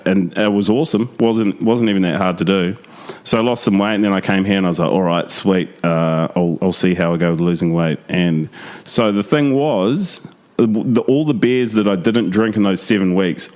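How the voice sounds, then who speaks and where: Deep-voiced laid-back man chatting. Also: moderate pace, a little mellow. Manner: laid-back, rambling with many fillers. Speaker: podcast guest. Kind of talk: casual chat. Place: home in Bali.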